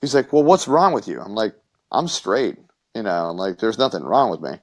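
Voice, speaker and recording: A man's voice: on the low side, big pitch swings, moderate pace. A man co-hosting a casual podcast, telling a crude story in rambling bits with stammers and swearing. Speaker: podcast co-host.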